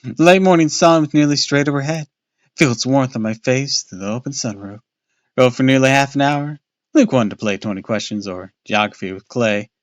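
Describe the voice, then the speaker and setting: A man's voice: mid-range voice, normal speed, dry recording. A man casually reading a children's horror book aloud on a live stream, with small slips and restarts.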